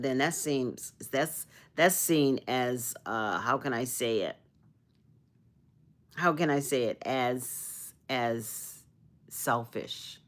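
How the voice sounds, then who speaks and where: With a bass voice, this Arizona livestreamer talks casually with her audience about energy and self-love in a spiritual, uplifting way. She is rambling and earnest, frequently restarting and saying things twice.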